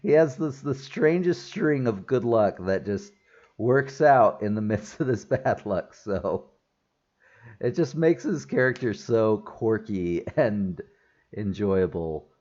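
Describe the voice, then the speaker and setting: A man with a lowish voice chats through a movie review, laughing often and restarting his sentences as he goes. The recording is a little dull and lo-fi. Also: lively intonation, slow pace, a little mellow. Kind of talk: casual spoken movie review.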